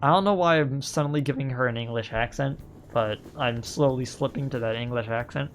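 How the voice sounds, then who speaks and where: A man streaming a video game, making relaxed, rambling asides with fillers. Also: medium pitch, a little fast, slight background noise. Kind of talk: casual let's-play commentary.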